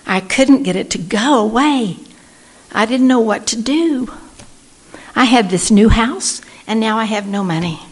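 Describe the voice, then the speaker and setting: A woman's voice: fairly high pitch, lively intonation, unhurried, slightly rough. A woman, speaking at a recovery meeting and telling her personal story in an earnest way, acting out the voices of people she quotes. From Texas. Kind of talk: personal testimony talk.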